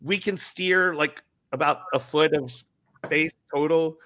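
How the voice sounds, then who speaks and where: A middle-aged man, a former ride skipper, telling stories in a casual interview and acting out riders' squeals in a high voice. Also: a little slow, pushed and bright.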